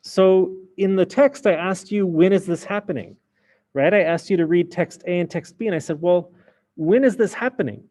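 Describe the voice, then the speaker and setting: A man's voice: high voice, normal speed, a little mellow. A man teaching a French class in a casual explaining way, with many fillers. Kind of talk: recorded class lesson.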